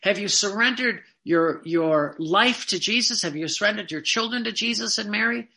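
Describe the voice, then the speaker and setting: Earnest preacher with a bright, forceful tone, pressing the congregation with questions. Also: medium pitch, moderate pace. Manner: earnest, asks the listeners direct rhetorical questions; tells personal anecdotes with quoted back-and-forth dialogue. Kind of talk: sermon.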